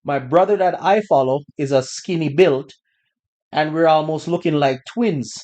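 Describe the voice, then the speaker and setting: A man hosting a podcast, telling a personal story in a relaxed, conversational way with bursts of laughter. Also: a little high, normal speed. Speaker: podcast host. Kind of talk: casual storytelling.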